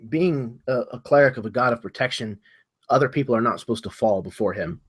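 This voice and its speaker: A man playing a tabletop game, narrating his character's actions in a halting way, often repeating words as he searches for them. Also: mid-range voice, husky. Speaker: player.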